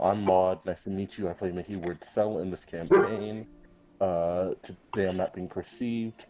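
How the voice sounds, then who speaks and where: A man playing in an online tabletop game, talking in a blunt, quick, cheeky way. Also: sits low, steady tone. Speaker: player. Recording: loud background noise.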